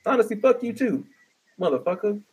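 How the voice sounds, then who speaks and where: A man's voice: high-pitched, lively intonation, fairly quick, darkish tone, breathy edge. A man delivering a profane, exasperated comedic rant with stammering restarts. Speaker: vlogger ranting.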